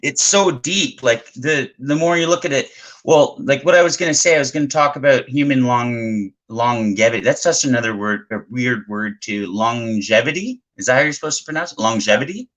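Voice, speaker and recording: A man's voice: mid-range voice, a little fast, fairly bright tone, rough recording. A man from Canada co-hosting a casual conspiracy podcast, laughing often and stumbling over words as he reads his research. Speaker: podcast co-host.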